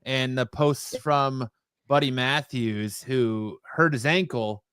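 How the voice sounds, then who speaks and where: A man hosting a live wrestling chat show, relaxed and joking as he explains the news. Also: mid-range voice, slow, clear, resonant tone, no echo. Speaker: podcast host. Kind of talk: casual live-stream chat.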